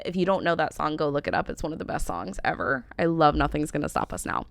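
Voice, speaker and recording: With soft music behind her, a low-voiced American woman in her thirties rambles a little fast, hardly pausing, through an opinionated reaction vlog full of "like" and "um." Her tone is fairly bright and clean, with no echo.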